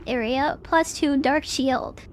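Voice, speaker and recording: A woman streamer chats casually to her viewers while playing a game, her commentary full of fillers. Her high-pitched voice takes things slowly, and a little hiss or hum can be heard.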